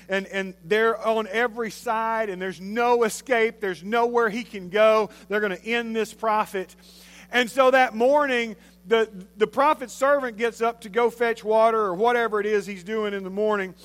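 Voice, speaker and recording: A male pastor giving a sermon, telling a story in an animated, conversational way. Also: sits high.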